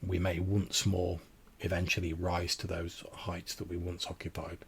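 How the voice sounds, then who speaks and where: A man voicing a genteel old vampire crone woman who speaks formally and courteously, often halting and repeating words. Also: deep voice, completely flat delivery, husky, exaggerated voice.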